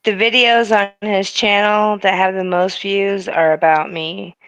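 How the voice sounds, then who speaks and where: Blunt woman with a bright voice. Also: mid-range voice, fairly even intonation, a little slow, clear, resonant tone, dry recording. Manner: blunt, defensive, swearing. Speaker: streamer guest. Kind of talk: casual stream chat.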